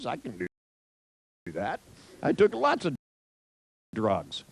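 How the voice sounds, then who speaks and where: A man's voice: mid-range voice, huge pitch swings, slow, vocal fry, slightly rough, dry recording, rough recording. An older man telling a rambling personal anecdote in a wry, profane way, with many restarts and asides.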